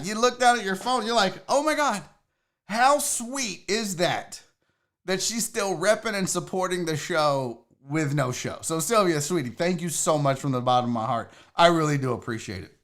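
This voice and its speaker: A man's voice: high-pitched, pushed and bright. A man hosting a casual sports livestream, talking loosely with some swearing and calling out viewers in the chat by name. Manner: loose and profane, greeting chat members by name. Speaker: sports show host.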